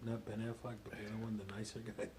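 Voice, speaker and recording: A man talking as a guest in a casual chat, rambling and profane, trailing off quietly. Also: fairly low pitch, little pitch movement, quick pace, crowd noise.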